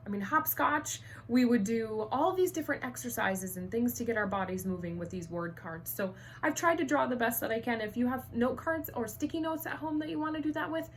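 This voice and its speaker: A woman teaching an online first grade reading lesson, upbeat and encouraging, enunciating clearly. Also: a little high, a little hiss or hum.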